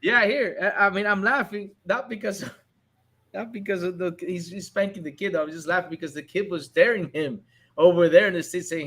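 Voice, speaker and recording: Guy chatting casually, lively storyteller, kinda high voice. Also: moderate pace. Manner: animated storyteller, acts out voices. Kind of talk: casual chat.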